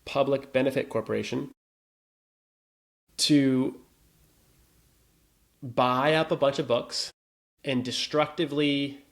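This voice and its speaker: A man's voice: medium pitch, steady tone, slow pace, gravelly, long pauses. A man co-hosting a podcast in casual chat, arguing his points with frequent restarts. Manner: argumentative, hesitant restarts. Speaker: podcast co-host.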